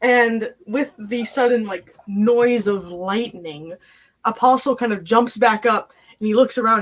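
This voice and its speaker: A woman's voice: a little high, measured pace. Woman game master, casual narration, filler-heavy delivery.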